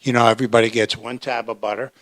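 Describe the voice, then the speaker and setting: A man voicing a calm, proud banquet waiter who answers quietly. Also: medium pitch, quick pace, no echo, close to an everyday voice.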